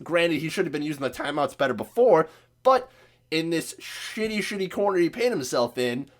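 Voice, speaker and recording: A man's voice: on the high side, lively intonation, brisk. A man with a Midwestern American accent hosting a podcast, sick and voice cracking, ranting casually about sports with profanity and sarcasm. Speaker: podcast host.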